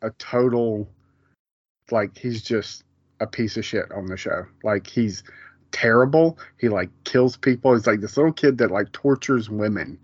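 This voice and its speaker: A man with a low-ish voice co-hosts a podcast, chatting casually and unhurriedly in a rambling way full of fillers and restarts. The recording has no echo, but the highs are cut off.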